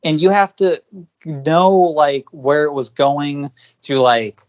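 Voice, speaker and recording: A man's voice: on the high side, slow, highs cut off. A man co-hosting a podcast in casual discussion, talking at length with many fillers and restarts. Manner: rambling, filler-heavy, frequent restarts. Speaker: podcast co-host.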